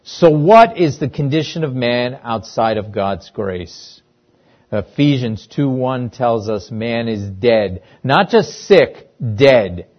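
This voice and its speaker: A man's voice: medium pitch, expressive, slow pace. A man preaching a sermon, emphatic and repeating key phrases for weight. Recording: dull lo-fi sound.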